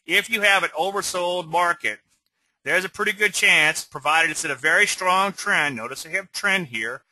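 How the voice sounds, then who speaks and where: A man's voice: high voice, moderate pace, bright, forceful tone, slight background noise. A man teaching swing trading on a live webinar, rambling and conversational, often checking in with "okay?". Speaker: trading educator.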